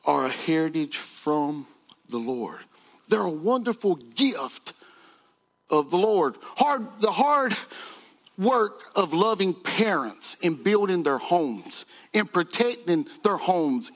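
A man's voice: sits high, a bit bright. A man preaching a sermon to his congregation, building emphasis through repetition.

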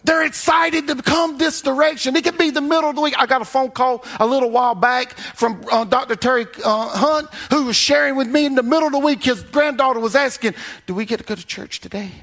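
An older man preaching a sermon as pastor, swinging from loud raised calls to low, soft drops and chuckling along with the congregation in a folksy way. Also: fairly even intonation, brisk, few pauses.

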